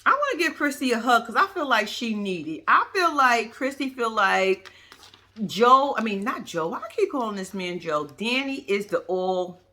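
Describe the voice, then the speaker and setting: A woman's voice: on the high side, lively intonation, a little slow, sharp tone. A woman giving blunt, profane, casual reaction commentary to her viewers. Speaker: reaction vlogger.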